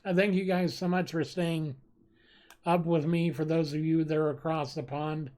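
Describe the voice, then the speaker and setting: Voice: mid-range voice, steady tone, moderate pace, a little mellow. A live streamer in casual chat who reads viewers' jokes aloud and laughs at them often, with a desk microphone. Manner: giggly, reacts with frequent laughter.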